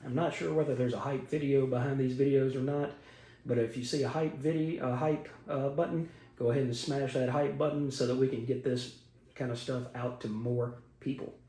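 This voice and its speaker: Mellow-voiced man recapping comics. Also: medium pitch, fairly even intonation, moderate pace. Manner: conversational, frequent "you know" fillers. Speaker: comics video host. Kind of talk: casual comic book recap. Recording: echoey room.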